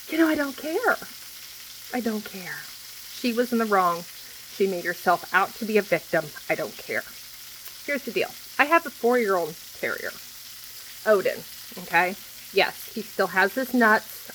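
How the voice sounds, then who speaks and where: A woman in her forties venting in a casual monologue, blunt and quick to swear, repeating herself for emphasis. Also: mid-range voice, bright, forceful tone, low-quality recording. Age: 40s. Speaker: vlogger. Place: home kitchen while food cooks. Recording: faint frying noise behind. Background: food sizzling in a pan.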